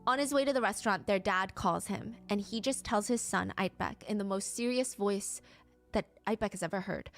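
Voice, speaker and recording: A woman narrates a true crime case with vivid storytelling, slipping into the voices of the people she describes. Her pitch sits in the middle range. Soft background music plays faintly beneath her. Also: normal speed. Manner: vivid storytelling, acting out quotes.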